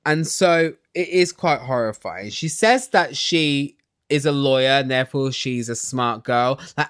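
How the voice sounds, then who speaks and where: A man's voice: fairly high pitch, big pitch swings, moderate pace, fairly bright tone, no room sound, studio quality. A young man with a catty, sarcastic and chatty manner, recapping a reality show. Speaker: recap vlogger. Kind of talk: casual TV recap.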